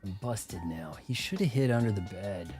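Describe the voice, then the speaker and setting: A man's voice: lowish voice, lively intonation, moderate pace. Joking man doing game commentary. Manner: joking, reads game dialogue aloud. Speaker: gamer. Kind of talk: let's play commentary. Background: game music.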